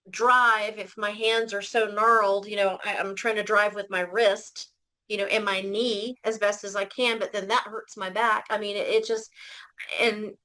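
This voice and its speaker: A woman's voice: mid-range voice, bright, forceful tone, low-quality recording. A woman telling her personal story as an interview guest, earnest and emotional, often restarting her sentences.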